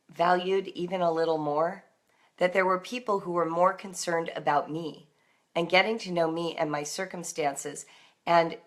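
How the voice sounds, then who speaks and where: A woman reading her homeschooling encouragement aloud, then chatting casually with her live audience, gentle and reflective, in her morning voice. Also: lowish voice. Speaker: homeschool writer reading her daily book on a live stream.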